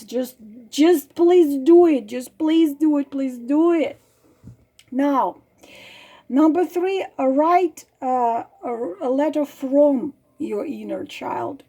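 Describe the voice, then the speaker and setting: A woman with a delivery, speaking softly and emotionally, with frequent fillers, as she guides listeners through a self-healing writing exercise. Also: sits high. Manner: emotional, soft, halting with fillers. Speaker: tarot reader. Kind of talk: casual guided exercise talk.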